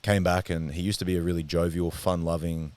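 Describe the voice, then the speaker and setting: A man's voice: deep voice, little pitch movement, fairly quick, a little mellow, no room sound. An Australian man telling a personal story in casual chat, swearing freely and acting out the voices of the people in it.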